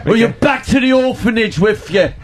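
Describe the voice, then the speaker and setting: A man's voice: very high-pitched, lively intonation, normal speed, crowd noise, voice pushed up. A man putting on a mock English accent as a bossy orphanage master barking orders. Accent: put-on English accent. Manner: barking orders, half shouting.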